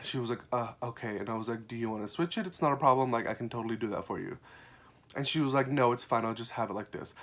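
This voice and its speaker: A young man vents about his job as a server, his voice sitting at an ordinary middle pitch. He tells the stories in a casual, exasperated way and swears often. His delivery drops to low, flat mumbles and then jumps into sharp, loud outbursts. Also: quick pace. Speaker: restaurant server venting about customers. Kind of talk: casual ranting storytelling.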